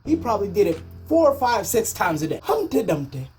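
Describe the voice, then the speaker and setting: A woman's voice: medium pitch, sing-song, a little fast, a little mellow, soft background music. A woman vlogger telling a comedic story in a jokey, mock-outraged way.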